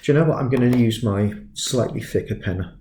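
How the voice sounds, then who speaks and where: A man in his fifties giving a relaxed sketching tutorial, chatty and self-deprecating, drifting into stories as he works. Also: medium pitch, fairly quick, roomy sound, slight background noise. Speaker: art tutor.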